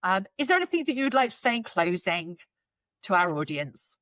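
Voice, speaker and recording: A woman's voice: lowish voice, sing-song, brisk, a bit bright, no room sound. A woman hosts an interview, speaking in an encouraging, reflective and articulate way. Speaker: podcast host. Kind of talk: interview hosting.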